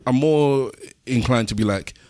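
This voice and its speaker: A man's voice: medium pitch, a little slow, a little mellow, dry recording, clean studio sound. A man co-hosting a podcast, musing in easygoing casual chat. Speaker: podcast co-host.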